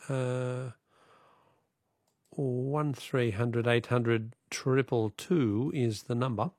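A man's voice: mid-range voice, no echo, studio quality. A man with an Australian accent hosting a radio call-in quiz, chatting with callers and reading out the questions. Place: radio studio.

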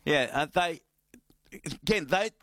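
A man's voice: on the high side, lively intonation, takes it slowly, sharp tone, no echo. A man hosting a sports radio show, bantering and teasing his co-hosts.

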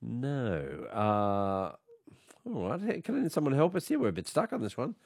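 Chuckling Australian radio quiz host. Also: male voice, mid-range voice, huge pitch swings, moderate pace, gravelly, darkish tone, husky, no room sound, studio quality. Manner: jokey, chuckling, teasing callers. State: slight cold. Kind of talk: casual talkback radio chat.

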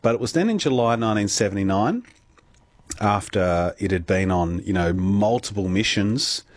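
A man hosting a talkback radio show, chatty and quick to laugh. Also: on the low side, expressive, no echo. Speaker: radio host.

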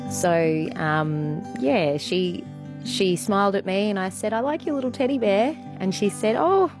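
A woman telling a personal story on a radio show, rambling with lots of ums and you-knows. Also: lowish voice. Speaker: radio contributor.

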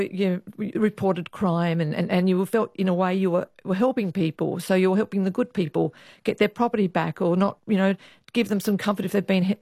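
Ex-cop woman, lively storyteller, dry close sound, interview guest. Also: mid-range voice, no room sound. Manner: lively storyteller, acts out quoted voices. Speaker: retired police officer, guest.

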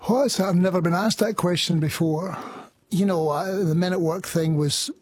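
A man's voice: high-pitched, moderate pace, a little hiss or hum. A Scottish man in his sixties, a musician guest chatting in a radio studio, rambling with many fillers and restarts. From Scotland. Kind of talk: casual interview chat.

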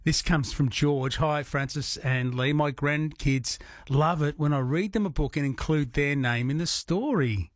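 A man hosts talkback radio from a dry studio, thanking callers and reading out messages in an encouraging way. His voice sits a little high for a man. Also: unhurried, no echo. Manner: encouraging, reads listener messages. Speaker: radio host.

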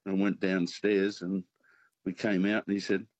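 A man calling in to a radio show, telling a story haltingly with lots of uhs. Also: low voice, flat delivery, darkish tone, no echo. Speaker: caller. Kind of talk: talkback radio call, telling an anecdote.

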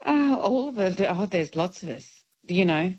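A woman's voice: medium pitch, animated, moderate pace, darkish tone, dull audio. A young woman calling in to a radio quiz, chatty and rambling, laughing as she tells a family story. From Ireland. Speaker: caller. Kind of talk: casual phone-in chat.

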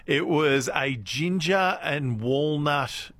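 A man with an Australian accent presenting on radio, animated and joking. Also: on the high side, slow, no room sound. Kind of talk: casual radio banter. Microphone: studio mic.

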